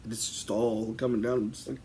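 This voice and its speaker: A man's voice: on the low side, level tone, fairly quick, warm tone, a little hiss or hum. A man casually telling a comic story on a podcast, rambling through lots of fillers and breaking into laughter. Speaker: podcast host.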